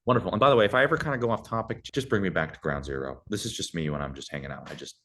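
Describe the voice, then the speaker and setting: A young man talks fast in a low, deep voice, handing out casual advice as a podcast guest. He is animated and slips into other voices to act out short exchanges. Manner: animated, acts out dialogue in shifting voices.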